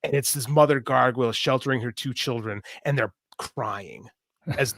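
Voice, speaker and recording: A man's voice: medium pitch, normal speed. A man in his forties, co-hosting a podcast, telling stories with energy and swearing freely. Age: 40s. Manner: animated storytelling, swears freely. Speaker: podcast co-host. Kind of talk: casual chat.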